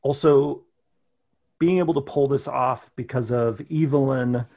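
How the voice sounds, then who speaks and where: A man narrating a tabletop game as game master, setting scenes slowly and deliberately. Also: mid-range voice, darkish tone, highs cut off.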